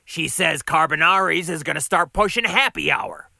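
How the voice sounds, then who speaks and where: A man voicing a gruff, gravelly older male diner owner who needles his staff. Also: on the high side, normal speed, bright, forceful tone, dry recording, voice pushed up, full character voice. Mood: bitter. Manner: needling, bossy. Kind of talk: audiobook character voice.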